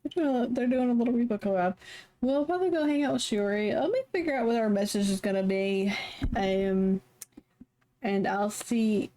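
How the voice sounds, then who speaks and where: A woman's voice: a little high, moderate pace, warm tone, a little hiss or hum. A woman streamer chatting casually, rambling and playful, poking fun at herself. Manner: rambling, playful, self-mocking.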